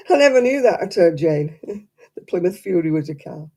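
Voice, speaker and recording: A woman's voice: on the low side, lively intonation, normal speed, dark tone. A woman chatting casually to her live stream audience, rambling and self-deprecating.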